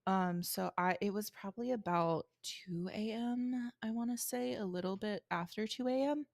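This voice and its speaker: A woman's voice: medium pitch, gravelly, no echo, studio quality. A young woman co-hosting a podcast in casual chat, laughing often, swearing freely and acting out customers. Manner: laughing, swearing, quick to act out customers in put-on voices. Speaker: podcast co-host.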